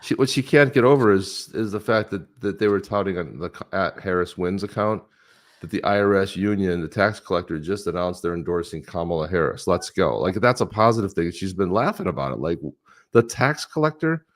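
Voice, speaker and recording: A man's voice: low voice, brisk. A man in his sixties co-hosting a livestream, telling rambling stories in casual chat. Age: 60s. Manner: rambling, storytelling, laughs often. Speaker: livestream co-host.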